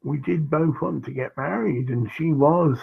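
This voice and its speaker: A man's voice: on the high side, gravelly, husky. A man telling a rambling personal story, with many asides and fillers. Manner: slow, digressive, with frequent fillers and asides. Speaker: vlogger. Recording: dull lo-fi recording.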